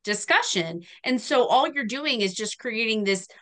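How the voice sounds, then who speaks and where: A woman's voice: fairly high pitch, animated, normal speed, a bit bright. A woman guest podcaster chatting casually, earnestly explaining her point at length. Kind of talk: casual chat.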